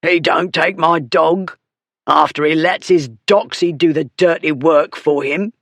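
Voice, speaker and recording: A coarse, drunken bully of a man bellows in broken grammar, as an audiobook narrator puts him on. His voice jumps high and loud above the narration and stays combative. It is recorded dry and close. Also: unhurried, no echo. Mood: angry shouting. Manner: shouting, coarse dialect grammar. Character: drunken brutish male dog owner, blustering. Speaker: story character.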